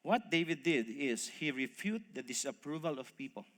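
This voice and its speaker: A man preaching a sermon, telling a story with animated voices and speaking to the congregation as folks. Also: medium pitch, normal speed. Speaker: pastor. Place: church hall. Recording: long reverb of a church hall.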